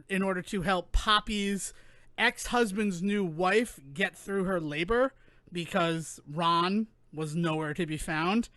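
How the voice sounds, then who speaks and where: A man co-hosting a podcast, chatting casually in an animated, rambling way that keeps interrupting itself. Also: high-pitched, no room sound. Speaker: podcast co-host. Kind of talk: casual chat.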